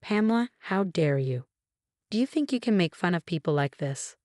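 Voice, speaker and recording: A woman's voice: fairly low pitch, animated, normal speed, a little mellow, dry recording, clean studio sound, close to an everyday voice. A woman voicing a scheming, cold mother-in-law in a narrated story, sweet-talking then defensive.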